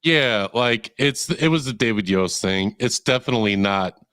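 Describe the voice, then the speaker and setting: A man's voice: mid-range voice, expressive, normal speed, fairly bright tone, clean tone, no room sound, studio quality. A man chatting casually as a guest on a stream. He is congested from a cold and talks in a laid-back, shrugging way. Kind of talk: casual chat.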